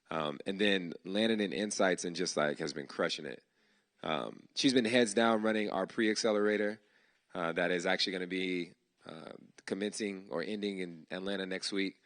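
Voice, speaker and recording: Guy with a lowish voice thanking his team at a demo day, slangy and heartfelt, dry close sound. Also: no echo. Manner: heartfelt, casual, slangy shout-outs. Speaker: event host giving thanks. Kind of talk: live speech at a startup demo day. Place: event hall before an audience.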